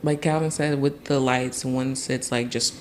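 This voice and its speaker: A young man from Tennessee, a podcast guest, telling a childhood story in a casual, animated way, laughing and acting out other people's voices. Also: medium pitch, measured pace, a little hiss or hum.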